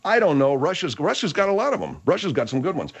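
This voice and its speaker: An excitable male radio host whose pitch leaps around as he argues. He talks fast and gets worked up in a comedy talk show. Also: breathy edge. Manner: excitable, argumentative.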